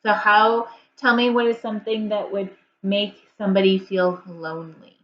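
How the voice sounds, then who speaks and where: A woman teacher giving a reading lesson to young children, slow and encouraging, repeating each prompt. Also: mid-range voice, flat delivery, dull audio, slight background noise.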